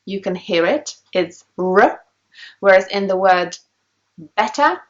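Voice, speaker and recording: A woman's voice: mid-range voice, little pitch movement, measured pace. A woman with a British English accent giving a scripted pronunciation lesson, carefully enunciating each example word. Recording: dull lo-fi clip played back.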